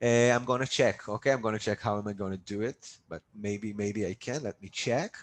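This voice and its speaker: A man's voice: on the low side, brisk, rough recording. A man teaching a live online language lesson, upbeat and coaxing his students to repeat drills after him over a video call. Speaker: Hebrew teacher.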